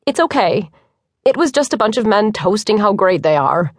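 A woman narrator voicing a confident young woman who runs a construction firm, brisk and teasing in her manner. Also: mid-range voice, very animated, no echo, studio quality.

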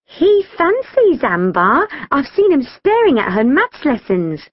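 Woman voicing a gossipy schoolgirl for a storybook: high, eager. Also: huge pitch swings, measured pace, dry recording, muffled recording, exaggerated voice.

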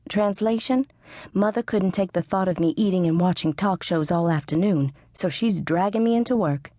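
Wry woman narrating, mellow and dry. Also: lowish voice, normal speed, no room sound. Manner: wry, sarcastic. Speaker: audiobook narrator. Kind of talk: scripted first-person narration. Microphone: studio close mic.

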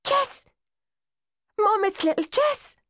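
A woman narrator putting on an excitable teenage girl from a storybook. Her shrill, high voice leaps around. The recording is dry. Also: a little slow, slightly rough, no echo, exaggerated voice. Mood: excited.

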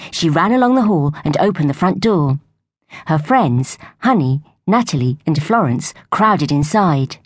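A woman narrating a storybook for young children in a gentle, even way. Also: deep voice, measured pace, no room sound, studio quality. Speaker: audiobook narrator.

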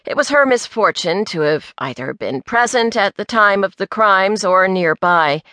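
A woman narrating an audiobook in clear, measured storytelling on a close studio mic. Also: medium pitch, lively intonation, bright, forceful tone, no echo. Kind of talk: scripted narration.

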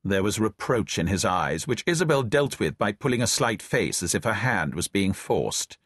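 A middle-aged man narrates an audiobook in a voice on the low side, a bit bright and animated, keeping a moderate pace. He reads the novel with dry, wry storytelling and lightly voices its characters. There's no echo, thanks to a close studio mic in a dry booth.

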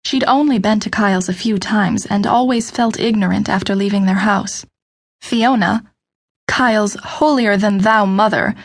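A woman narrating an unabridged novel audiobook in a steady, measured storytelling voice. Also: medium pitch. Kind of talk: scripted narration.

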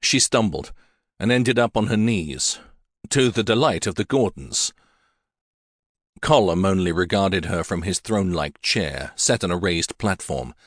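Man, audiobook narrator, low voice, measured storytelling, dry close recording. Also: lively intonation, dry recording. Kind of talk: scripted narration of a historical romance.

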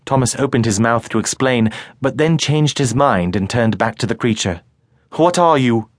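A man narrating a children's audiobook in a measured storytelling manner. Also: medium pitch, no echo. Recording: dry studio recording.

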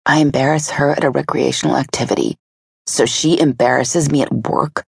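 A woman's voice: rumbling low, steady tone, moderate pace, creaky, breathy edge, no room sound, studio quality, full character voice. A woman voicing a frustrated young professional woman who mutters sarcastically to herself, in an audiobook. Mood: sarcastic.

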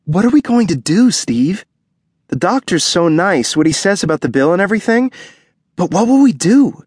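A man's voice: sits high, very animated, normal speed, slightly rough, no echo, studio quality, voice pushed up, exaggerated voice. A man doing an anxious young pregnant wife. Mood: worried. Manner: pleading, soft and worried. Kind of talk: audiobook character voice.

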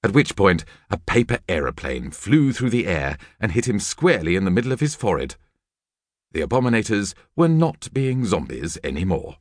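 Man, children's audiobook narrator, expressive, lower voice, very animated, dry close sound. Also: moderate pace, dry recording. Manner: lively, expressive storytelling.

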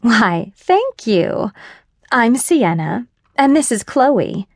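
Casting: female narrator doing a bold, teasing best friend, unhurried, dry studio sound. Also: fairly high pitch, sing-song, a little mellow, no room sound, full character voice. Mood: flirty. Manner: teasing, forward. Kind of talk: audiobook character voice.

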